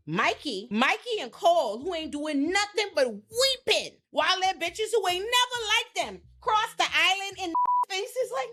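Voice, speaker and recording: Animated, blunt young woman commentator. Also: high voice, unhurried. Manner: animated, blunt and profane, acts out quoted people. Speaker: pop culture commentator host. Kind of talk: casual reality TV commentary.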